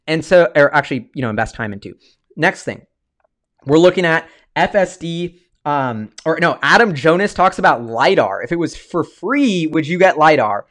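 Hyped up guy on his livestream, kinda high voice, rambles and restarts a lot. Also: moderate pace. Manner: excitable and rambling, full of restarts. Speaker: stock-market video host. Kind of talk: casual livestream commentary.

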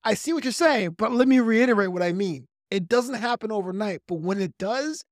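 High-voiced fast-talking man from New York. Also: animated, dry recording, studio quality. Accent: softened Brooklyn. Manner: self-described fast talker. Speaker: comedian guest. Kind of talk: podcast interview.

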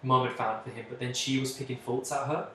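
A man in his twenties telling a candid personal story as a guest, chatty and open, often pausing on "like". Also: medium pitch, little pitch movement, fairly bright tone, slight background noise. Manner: chatty, open, frequent "like" and self-interruptions. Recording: echoey room, distant mic.

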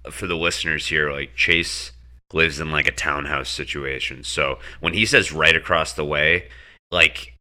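Podcast co-host: young man, extremely deep pitch, bright edge, wisecracking. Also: measured pace. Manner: wisecracking, jokey interjections. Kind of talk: casual chat.

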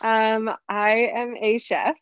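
A woman's voice: a little high, level tone, slow, smooth, dry recording, lo-fi sound. A woman chef from San Diego, guesting on a casual talk, speaking candidly with a rambling, laughing delivery. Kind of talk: casual conversational interview.

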